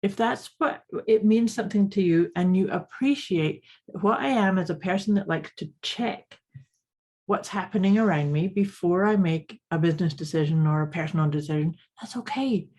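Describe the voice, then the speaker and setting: A woman's voice: lowish voice, moderate pace, a little mellow. Thoughtful woman co-host, searching for words. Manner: thoughtful, repeats words while searching for them. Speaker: podcast co-host and coach. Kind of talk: casual podcast chat.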